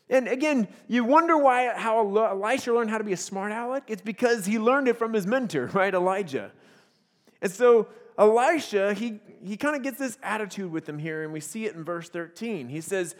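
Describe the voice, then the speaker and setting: A man with a high voice delivers a sermon in a playful storytelling way. He acts out quotes from the stories he retells and laughs often between lines. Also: lively intonation, fairly quick, big-room sound. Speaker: pastor.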